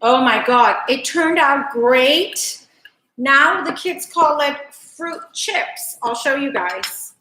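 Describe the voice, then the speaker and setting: A woman's voice: high voice, lively intonation, takes it slowly, sharp tone. A woman hosting a live cooking stream from her home kitchen, chatting fondly and rambling to her viewers as she works. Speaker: cooking show host. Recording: echoey kitchen.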